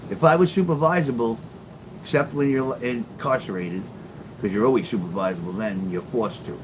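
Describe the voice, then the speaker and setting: A man's voice: medium pitch, normal speed. A middle-aged man chatting casually on a late-night livestream, answering viewers by name, swearing freely in a sarcastic, rambling way. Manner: talks back to chat, profane and sarcastic. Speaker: live streamer. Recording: steady background noise.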